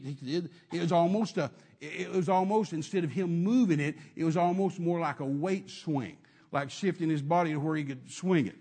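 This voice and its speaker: A male preacher tells a sermon story in an emphatic, repetitive way, circling back over his words. His voice is husky and sits fairly high for a man. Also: brisk, warm tone.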